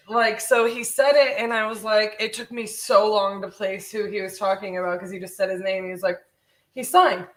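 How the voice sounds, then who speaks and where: A somewhat high-voiced woman talks in a friendly, loose way, full of ums and uhs. She slows right down to read out a phone number. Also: fairly bright tone. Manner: friendly, filler-heavy, reads numbers slowly. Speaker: real estate wholesaler leaving seller voicemails. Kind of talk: casual phone voicemail and office chat.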